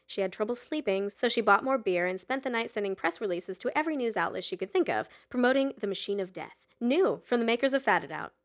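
A woman narrating an audiobook in a measured storytelling manner. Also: medium pitch, a bit bright. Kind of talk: scripted narration.

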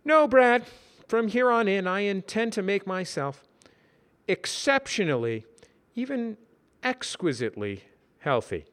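A man puts on a young office worker with a raised, bright-edged voice. He talks formally and earnestly, with a lot of movement in the pitch and a touch of grandeur. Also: very animated, a little slow, long pauses, full character voice. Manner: precise, earnest, slightly grand.

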